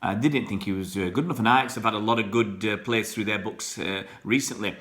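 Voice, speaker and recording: A man's voice: fairly low pitch, fast talker, a bit bright. A man hosting a live football stream, greeting viewers and chatting loosely with many fillers and restarts. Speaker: football channel host. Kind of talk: live stream chat reading comments.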